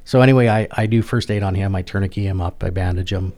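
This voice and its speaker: A middle-aged man, a military veteran telling a personal story in an interview, halting and plain-spoken, often repeating and restarting words. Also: low-pitched, a little mellow. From Canada.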